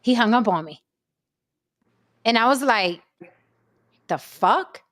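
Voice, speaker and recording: A woman co-hosting a podcast, telling stories in a brash, profane, animated way. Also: fairly high pitch, a little slow, no echo, clean studio sound. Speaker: podcast co-host. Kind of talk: casual podcast chat.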